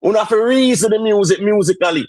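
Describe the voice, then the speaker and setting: High-voiced Jamaican man shouting rebuttals. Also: fast talker, dry recording. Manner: forceful, mocking, shouting rebuttals. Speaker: debate caller. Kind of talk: heated live stream debate.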